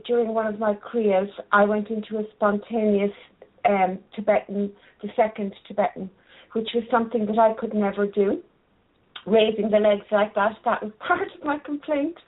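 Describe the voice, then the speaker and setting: A woman with an Irish accent calling a radio show, hesitant and laughing between phrases. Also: mid-range voice. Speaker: caller. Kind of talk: phone-in chat. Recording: tinny phone line.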